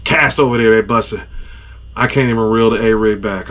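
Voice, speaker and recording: A man hosting a podcast, casually telling a story and acting out his own groans, shouts and sound effects. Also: medium pitch, fast. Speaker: podcast host.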